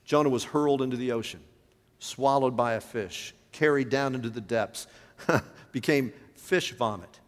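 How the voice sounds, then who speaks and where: A man's voice: mid-range voice, moderate pace. A man who is a pastor, preaching a sermon with emphatic rises and drops in his voice. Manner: emphatic preaching, voice rising and falling. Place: church sanctuary. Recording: long hall reverb.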